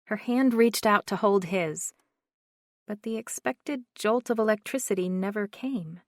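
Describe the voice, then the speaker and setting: A woman narrating an audiobook in a slow, measured reading. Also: medium pitch, no room sound, studio quality.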